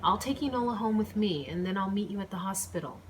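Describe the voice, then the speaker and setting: A woman voicing a bubbly, excited young woman fussing over her injured best friend in a storybook reading. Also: medium pitch, quick pace, background noise, natural voice. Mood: cheery, fussing. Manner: excited and chirpy.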